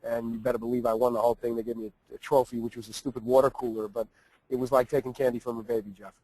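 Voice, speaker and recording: A man's voice: mid-range voice, level tone, very fast, a little mellow, dry recording, low-quality recording. A man who works in sales, chatting enthusiastically and telling stories. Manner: enthusiastic, storytelling. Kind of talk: casual chat.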